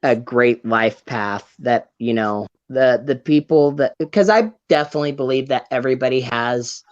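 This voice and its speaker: Guest voice: earnest, explanatory man, muffled lo-fi sound. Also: mid-range voice. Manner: earnest, explanatory, halting with fillers. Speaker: guest, tarot reader and medium. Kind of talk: casual live-stream chat.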